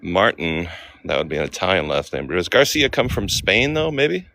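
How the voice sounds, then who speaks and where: A man's voice: low voice, sing-song, normal speed, sharp tone. A man casually vlogging on a walk, chatting to viewers and reading names aloud. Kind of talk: casual livestream walk-and-talk. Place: outdoor cemetery.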